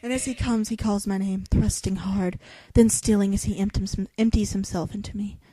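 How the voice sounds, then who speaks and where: Young woman reading a book out loud, mock dramatic, snarky asides, dry close mic. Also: mid-range voice, steady tone, normal speed, dry recording. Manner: dramatic reading broken by sarcastic quips. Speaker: reader. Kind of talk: reading a novel aloud with joking asides.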